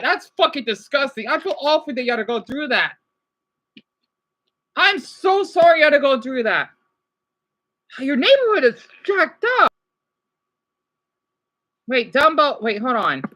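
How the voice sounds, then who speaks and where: A woman livestreaming, reacting to videos and chat, swinging between furious rants and quiet apologies. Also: high voice.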